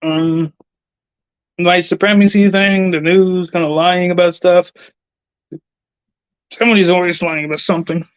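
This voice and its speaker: A man's voice: high-pitched, fairly even intonation, unhurried, long pauses, clean tone, no room sound. Male streamer, rambling and profane, irritable mutter, dull lo-fi sound, dry with no room. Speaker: livestreamer. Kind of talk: rambling casual stream talk.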